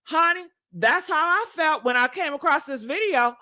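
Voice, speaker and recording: Loud preachy woman spilling gossip. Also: high voice, expressive, normal speed. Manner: preachy, emphatic, repeats lines for effect. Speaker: commentary vlogger. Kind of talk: dramatic gossip commentary.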